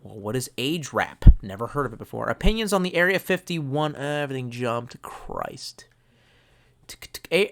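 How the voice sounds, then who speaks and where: Drunk, foul-mouthed streamer. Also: male voice, fairly high pitch, fairly bright tone. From United States. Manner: profane, rambling, mock-angry outbursts. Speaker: live streamer. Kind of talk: rambling live-stream chat reading.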